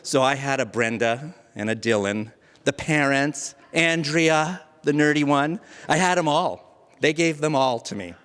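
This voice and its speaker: A man, around his thirties, telling a personal story live to an audience, animated and often laughing at himself. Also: a little high, a little slow, clean tone. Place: museum event space before a live audience. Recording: long hall reverb.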